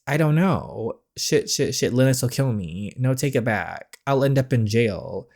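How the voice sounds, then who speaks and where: A man's voice: mid-range voice, lively intonation, unhurried, gravelly, darkish tone. A man voicing a panicky young rock musician. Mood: panicked. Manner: anxious, defensive. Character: guilty young male rock musician, shaken.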